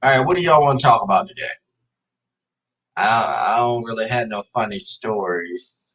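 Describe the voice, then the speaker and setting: A man's voice: on the low side, lively intonation, normal speed, fairly bright tone, rough recording. A man hosting a casual livestream, chatting loosely with viewers and calling them "y'all". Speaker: host of a live stream show.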